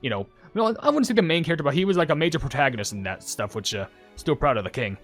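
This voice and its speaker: A young man doing casual commentary as a YouTuber, rambling and correcting himself with excitable asides. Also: fairly high pitch, quick pace, faint music behind. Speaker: YouTuber reacting to game updates.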